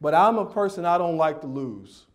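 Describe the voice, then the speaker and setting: Man from detroit, high voice, animated storyteller, acts out voices, shouts for effect, banquet speech. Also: normal speed. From Detroit, USA. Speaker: motivational speaker. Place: banquet dinner hall.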